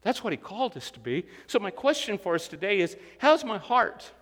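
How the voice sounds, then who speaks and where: High-voiced, bright preaching man. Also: very animated, brisk, long reverb tail. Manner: earnest, builds to emphatic peaks, acts out inner voices. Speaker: pastor. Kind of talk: sermon.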